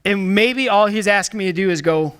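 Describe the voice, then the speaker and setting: A man preaching a sermon in an energetic, emphatic way, calling out to the congregation and dropping into hushed low asides. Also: a little fast, clean tone. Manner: swings from excited bursts to hushed low asides. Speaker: pastor.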